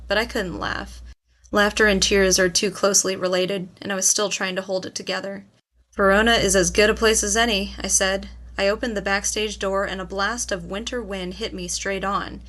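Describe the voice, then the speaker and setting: A woman reading a novel aloud as an audiobook narrator, voicing the dialogue as she goes. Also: mid-range voice. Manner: reads dialogue with voiced characters, louder in tense scenes. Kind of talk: scripted narration.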